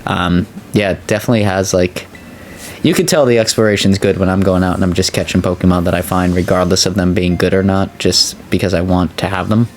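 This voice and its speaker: A man hosting a let's play, chatting casually and excitably as he plays. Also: fairly quick, slight background noise. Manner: chatty, excitable, voice jumps high when excited. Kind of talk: casual gameplay commentary.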